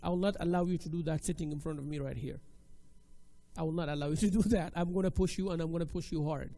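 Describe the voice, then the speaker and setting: A man's voice: on the high side, dark tone. A male teacher lecturing a women's class, emphatic and exhorting, often repeating his key phrases. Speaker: Islamic studies teacher.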